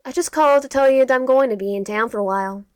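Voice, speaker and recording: A woman's voice: sits high, very fast, dry recording, studio quality, lightly acted. A woman playing a haughty young twin sister.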